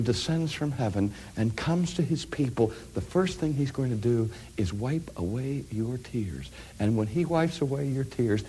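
A middle-aged man preaching a sermon, telling stories and swinging from hushed, quiet phrases to loud, rising climaxes. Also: medium pitch, breathy edge.

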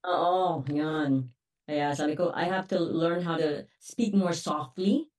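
Woman from Iloilo co-hosting, easy talk with a lot of laughter, slightly low voice, echoey room. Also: slow, darkish tone, far from the mic. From Iloilo, Philippines. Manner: reads a Bible verse, then chats loosely with frequent laughs. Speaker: co-host. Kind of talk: casual Taglish faith talk show chat.

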